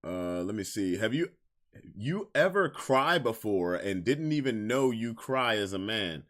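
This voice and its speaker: A man's voice: on the low side, big pitch swings, a little slow, fairly bright tone. A young man hosting a casual podcast stream, talking candidly in slang and repeating lines for emphasis. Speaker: podcast host. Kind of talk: casual livestream chat.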